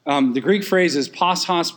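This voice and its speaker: Emphatic higher-voiced male preacher. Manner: emphatic, repeats key phrases; lively, quick asides with sudden pushes of emphasis. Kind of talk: expository sermon.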